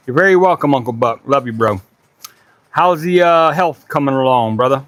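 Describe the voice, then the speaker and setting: Talking to his livestream viewers while working in his woodshop, this Charleston, South Carolina woodworking host speaks with a Gullah Geechee accent, keeping it casual and swearing occasionally. His medium-pitched voice swings hugely in pitch at a normal speed.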